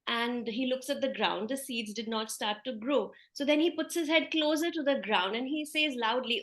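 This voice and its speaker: A woman meditation teacher giving a spiritual talk, telling a story in a gentle, conversational way. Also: a little high, normal speed, hardly any pauses.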